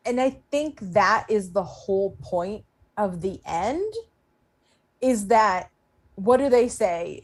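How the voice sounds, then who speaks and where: Woman, aftershow panelist; animated, casual, quotes with voice shifts. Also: medium pitch, measured pace.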